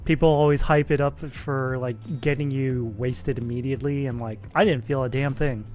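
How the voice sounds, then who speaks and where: A man's voice: mid-range voice, fairly even intonation, normal speed, a little mellow, soft background music. A man streaming a game, chatting casually, joking and reading story text aloud. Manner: chatty, joking, laughs often.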